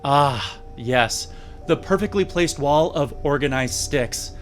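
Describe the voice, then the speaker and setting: A man's voice: a little high, animated, slow pace, faint music behind. A man casually reviewing an old episode with sarcastic, jokey asides. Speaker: video reviewer.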